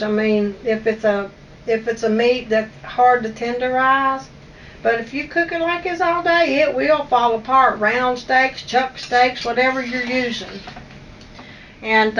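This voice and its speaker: A woman's voice: on the high side, fairly bright tone, recorded from a distance, lo-fi sound, a little hiss or hum. A woman with an Appalachian accent hosting a home cooking video, talking in a homey, chatty, teasing way in her kitchen. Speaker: cooking show host. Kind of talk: casual kitchen chat. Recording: voice from away from the mic, faint music.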